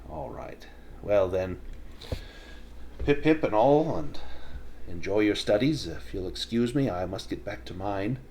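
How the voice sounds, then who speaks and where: A man's voice: lowish voice, expressive, measured pace, pauses often, a little mellow, a little hiss or hum. A man voicing a young male student who talks with prim, old-fashioned British turns of phrase. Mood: genteel.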